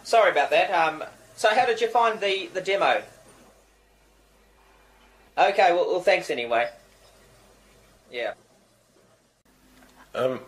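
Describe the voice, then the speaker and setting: A flustered Kiwi band manager. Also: male voice, high voice, expressive, slow, long pauses, a bit bright, slight background noise, heavily acted, low-quality recording. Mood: distracted. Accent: New Zealand. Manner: rambling, apologetic, easily flustered. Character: flustered male manager fielding phone calls. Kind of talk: radio sitcom acting.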